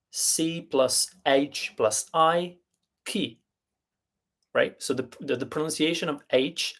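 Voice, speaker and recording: Male teacher, mid-pitched, unhurried; live online lesson, deliberate and sound-by-sound. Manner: slow, deliberate explaining with fillers and restarts; spells out letters and sounds one by one. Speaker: Italian teacher.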